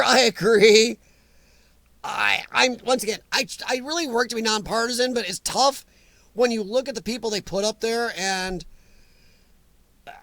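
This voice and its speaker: A man's voice: sits high, no room sound. An American man hosting a live chat, rambling and emphatic as he answers viewers by name. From United States. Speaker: livestream chat host. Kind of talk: casual opinionated live chat.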